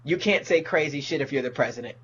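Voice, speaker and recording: Profane ranting comedian, muffled lo-fi. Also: male voice, fairly high pitch, fast talker, a bit bright, slight background noise. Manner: profane, ranting, mocks people in put-on voices. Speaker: comedian guest. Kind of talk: casual podcast chat.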